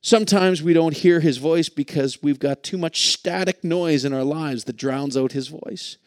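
A man's voice: a little high, a little mellow, no echo, studio quality. A man preaching a sermon in an earnest, reflective way, reading scripture and stumbling over a few words. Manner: earnest, reflective, with occasional restarts. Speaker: pastor.

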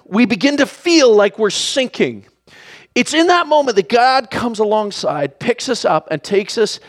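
A man preaching a sermon, animated, acting out the lines of the people in the story. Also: high-pitched. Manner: animated, acts out the characters' lines.

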